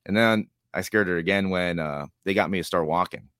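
A man's voice: low voice, a little fast, fairly bright tone, clean tone, no room sound, clean studio sound. A man speaking as an interview guest, rambling and acting out other people's lines with laughs. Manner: rambling, acts out quoted voices with laughs. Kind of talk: casual storytelling interview.

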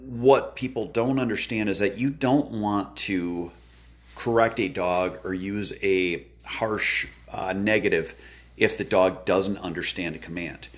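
A man working as a dog trainer, giving an earnest instructional talk about obedience work, repeating his points and acting out the commands he gives. He describes himself as having a good, loud voice. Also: fairly even intonation, a little slow. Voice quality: loud booming voice.

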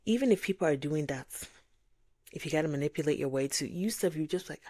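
A Nigerian woman hosts a faith-based podcast, speaking reflectively and animatedly acting out the voices of God and others. Her voice is low and she talks fast. There's no echo.

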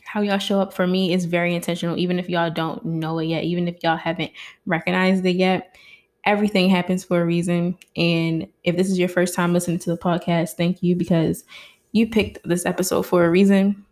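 A woman's voice: fairly low pitch, flat delivery, a little fast, darkish tone. A woman hosting her own podcast, talking casually and heartfelt to her listeners into a mic, often calling them y'all. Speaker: podcast host. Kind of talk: casual solo podcast talk.

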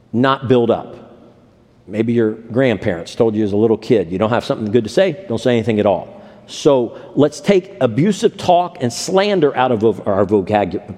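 A pastor delivers a sermon in a medium-pitched, slightly mellow voice that sounds like it fills a big room. He tells stories and acts out the voices of the people in them.

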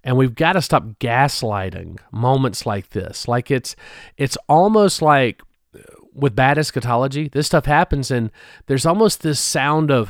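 A man hosting a podcast, giving an earnest, reflective spoken message, halting often and restarting his sentences. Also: medium pitch, lively intonation, dry recording, clean studio sound. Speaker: podcast host.

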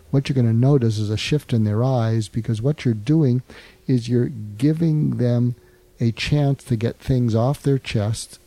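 Older guy psychiatrist talking it through, gravelly low-key dark voice, lots of uh and restarts. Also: dry recording. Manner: earnest, fills pauses with "uh", restarts and repeats words. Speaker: guest psychiatrist and author. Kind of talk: interview, explaining advice.

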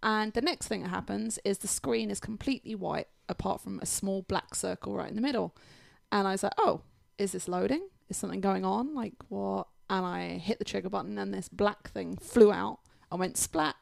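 A woman's voice: mid-range voice, a little fast, creaky, no echo, studio quality. A woman hosting a casual podcast chat, telling game stories with enthusiasm. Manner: enthusiastic, animated storytelling. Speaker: podcast host.

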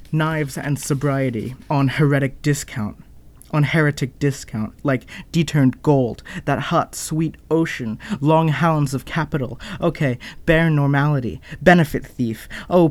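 A man's voice: medium pitch, no room sound. A man performing experimental spoken-word poetry in a fragmented, associative way, breaking off with asides and apologies.

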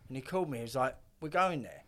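A man's voice: mid-range voice, very animated, fast talker, a bit bright. A man, a podcast guest telling rambling stories in casual chat, swearing and acting out what others said. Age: 50s. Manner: rambling, swears, acts out quotes.

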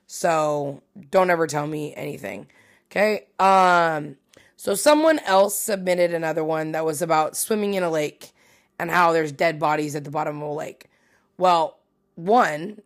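Rambling, profane woman podcasting from home. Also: sits low. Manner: rambling, profane, self-mocking. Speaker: podcast host. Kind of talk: casual solo podcast chat.

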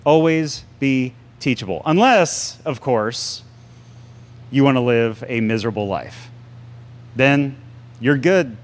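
A man preaching a sermon to a congregation, animated and sarcastic, with big swings in pitch. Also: slow, pauses often. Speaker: pastor.

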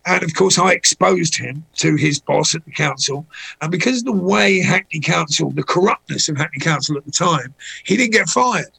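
A middle-aged male guest shares anecdotes in a casual chat at normal speed, his rough, gravelly voice sitting a little high for a man and carrying a husky edge. He gets animated, slipping into the voices of people in his stories. The recording is rough.

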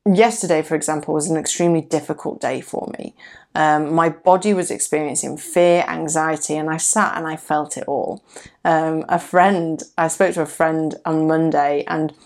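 A woman's voice: low voice, fairly even intonation, moderate pace, creaky, a little mellow. A woman hosting her own podcast, talking casually, candidly and reflectively about her own experience. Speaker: podcast host. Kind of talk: casual solo podcast talk.

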